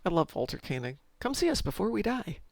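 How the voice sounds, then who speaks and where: A woman's voice: lowish voice, big pitch swings, fast talker, gravelly, no echo. A middle-aged woman streaming a game, chatting casually and talking to herself as she plays. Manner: chatty, rambling, self-talk while playing. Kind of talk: casual chat while gaming.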